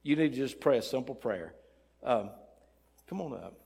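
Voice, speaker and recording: An older man preaching a sermon, emphatic and swinging between loud fervor and soft tenderness, in a church. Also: mid-range voice, lively intonation, moderate pace, vocal fry, breathy edge. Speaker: pastor. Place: church sanctuary. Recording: long church reverb.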